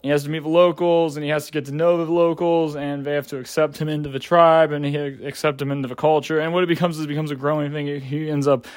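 A man's voice: a little high, little pitch movement, fast talker, few pauses, dry recording, clean studio sound. A young adult man giving a casual movie review, rambling with lots of filler words and casual swearing.

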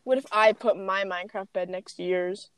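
A young woman co-hosting a casual podcast with a friend, excitable and giggly, repeating herself as she chatters. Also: mid-range voice, normal speed, smooth, no echo. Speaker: podcast co-host. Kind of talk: casual chat between friends.

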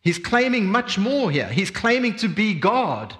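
A man preaching a sermon as a pastor, reading scripture and expounding it with expressive emphasis. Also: high-pitched, measured pace. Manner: expressive preaching, swings between quiet reflection and emphatic energy.

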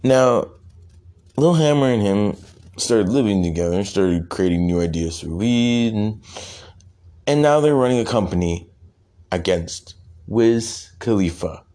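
A young man improvising a rambling, profane comic story, with halting restarts. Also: lowish voice, expressive, dark tone.

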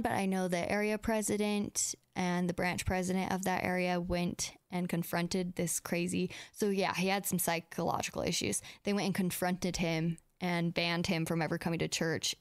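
A woman's voice: medium pitch, clean tone, no echo, clean studio sound. A young woman casually telling personal stories as a podcast host, chatty and full of "like". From United States. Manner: chatty, fills speech with "like", acts out quoted dialogue.

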